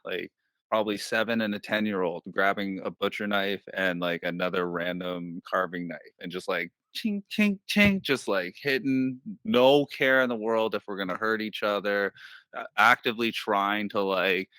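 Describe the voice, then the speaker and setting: A man's voice: lowish voice, steady tone, normal speed, bright, forceful tone, smooth, dry recording. A man in his thirties, an interview guest, telling personal stories in a loose, profane way full of filler words. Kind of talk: casual storytelling. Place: online virtual-world voice chat.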